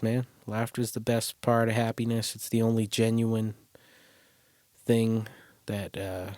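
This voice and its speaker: A man with a lowish, dark voice rambles through a casual solo podcast from a cramped closet, with no room sound. He's crude, runs himself down and swears a lot.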